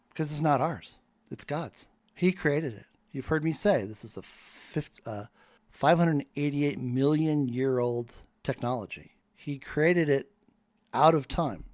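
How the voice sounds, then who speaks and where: Man, middle pitch, dry close mic, fervent rambling preacher-like monologue. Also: a little mellow, no room sound. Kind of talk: spoken monologue.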